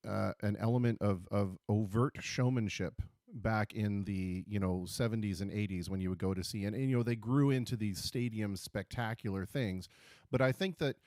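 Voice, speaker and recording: A man's voice: on the low side, fairly even intonation, normal speed, darkish tone, dry recording, clean studio sound. A middle-aged man from Canada hosting a casual interview, talking chattily with frequent repeated words. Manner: chatty, stumbling repetitions. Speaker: interviewer host.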